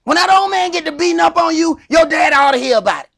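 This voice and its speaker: High bright gravelly preacher man. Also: fast. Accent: Southern US. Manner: animated, loud, acts out skits. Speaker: teacher of a Sabbath class. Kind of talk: lively sermon-style Bible class. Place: congregation hall.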